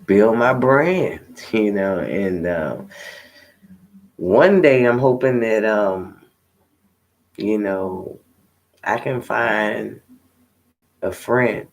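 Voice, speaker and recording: A man's voice: fairly low pitch, animated, very slow, creaky, long pauses. A tired man, a tarot reader, chatting to viewers in a candid, rambling way with plenty of swearing. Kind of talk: casual unscripted chat to viewers.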